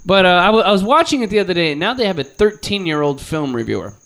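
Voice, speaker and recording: Male comedy podcast host from the Chicago area. Fairly high, bouncy delivery. Casual, story-driven chat. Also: fast. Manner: animated storyteller who slips into mocking voices.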